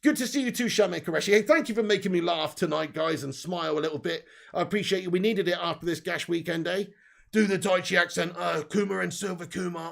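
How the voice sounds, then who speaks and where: Sweary, gravelly-voiced male stream host. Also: sits high, brisk. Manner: loose, sweary, laughs often. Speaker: fan channel host. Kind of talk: live stream chat, reading comments.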